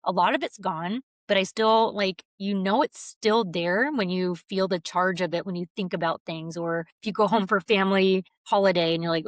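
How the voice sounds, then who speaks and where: A woman's voice: medium pitch, normal speed, few pauses, dry recording, clean studio sound. A woman podcast guest talking openly and earnestly about healing, often laughing and acting out her own inner voice. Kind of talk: reflective conversational interview.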